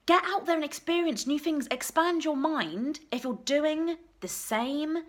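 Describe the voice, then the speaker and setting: Mum talking to camera at home, heartfelt, encouraging, kinda emotional. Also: female voice, high-pitched, unhurried. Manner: emotional, tearful at times, earnest and encouraging. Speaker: vlogger, single mum business coach. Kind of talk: unscripted heartfelt vlog to camera. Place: at home, messy room.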